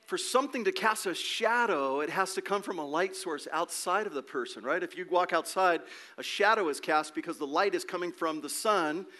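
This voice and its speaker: Bright-voiced male pastor preaching. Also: high-pitched. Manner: emphatic, asks rhetorical questions, repeats words. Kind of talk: sermon.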